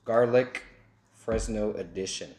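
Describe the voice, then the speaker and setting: Joking low-voiced young man in echoey room. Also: takes it slowly, darkish tone. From El Paso, Texas. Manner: joking, rambling storyteller. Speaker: vlogger. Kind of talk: casual story-time chat. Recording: echoey room, faint noise.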